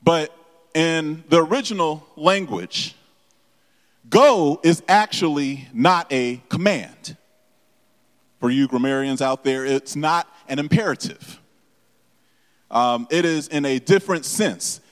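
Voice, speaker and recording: A man preaching a sermon to his congregation, stumbling and repeating words as he explains scripture and asks the room questions. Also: on the high side. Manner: halting with many repeated words and fillers, addresses the congregation directly. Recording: long echo of a large hall.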